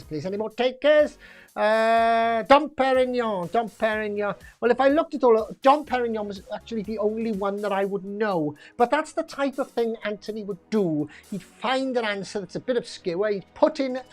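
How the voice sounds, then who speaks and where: A woman hosting a pub quiz live stream in a chatty, jokey way, reading out answers and laughing often. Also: mid-range voice.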